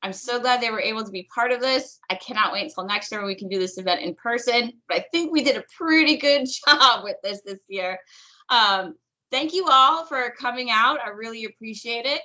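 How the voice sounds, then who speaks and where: A woman's voice: on the high side, brisk, pushed and bright. A young woman hosting an online event, effusive and gushing, laughing between remarks. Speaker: event host. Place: video call.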